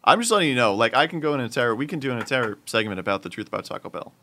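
A young man casually telling a story from his fast food job to friends, getting animated and loud at the peaks. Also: medium pitch. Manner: animated, builds up to loud exclamations. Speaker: storyteller in a group chat.

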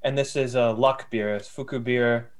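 A man's voice: mid-range voice, fairly even intonation, moderate pace, crowd noise. A man in a casual podcast chat, rambling easily and hesitating with ums. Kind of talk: casual chat among friends.

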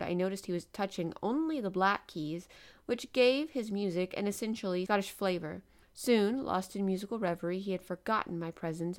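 Woman host, lower-pitched voice, animated read-aloud of a classic novel. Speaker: podcast host and reader.

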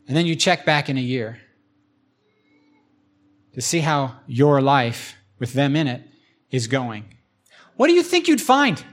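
A man's voice: medium pitch, sing-song, unhurried, pauses often. A man preaching a conversational sermon as pastor, slipping into imagined voices as he talks.

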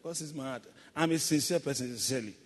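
Booming preacher in an echoing hall. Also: male voice, fast, slight background noise. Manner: preaching with call-and-response and playful acted asides. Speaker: pastor. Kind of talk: sermon.

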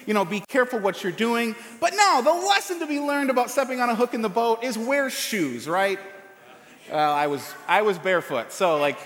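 A man's voice: very high voice, fairly bright tone. A man preaching a sermon in a casual, rambling way, telling a personal story with many fillers and restarts. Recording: echoey hall with long reverb.

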